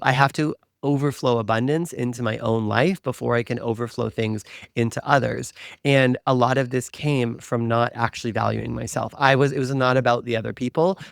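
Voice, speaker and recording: Male spiritual podcast host, gravelly, mid pitch, candid confessional monologue. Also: no room sound, studio quality. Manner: earnest, confessional, fillers like "like". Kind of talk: reflective personal story, podcast monologue.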